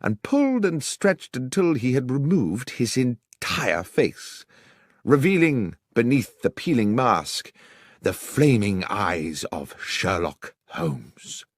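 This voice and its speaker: A man reading a story in the first person as an audiobook, with expressive, dramatic delivery. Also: mid-range voice, slow, no echo, clean studio sound. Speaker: audiobook narrator.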